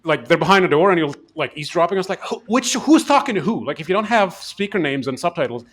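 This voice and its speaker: A man's voice: fairly high pitch, animated, fast talker, fairly bright tone. A man co-hosting a game podcast, chatting casually and animatedly, rambling with many restarts. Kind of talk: casual chat, game review discussion.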